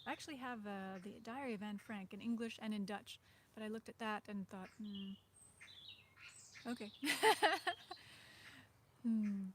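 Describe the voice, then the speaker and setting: Birds sing behind this woman as she hosts a casual livestream chat, her talk meandering and unsure, dotted with fillers and small laughs. Her pitch is medium, and a slight hiss or hum runs under the recording.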